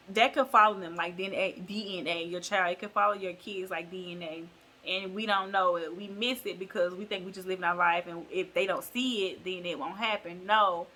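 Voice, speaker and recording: A woman's voice: lowish voice, pushed and bright, a little hiss or hum. A woman vlogger retelling a bible story in a chatty, slangy, digressive way.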